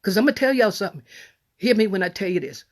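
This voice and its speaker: A middle-aged woman preaching a sermon in a folksy, animated way, often repeating and restarting her phrases. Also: medium pitch, fast.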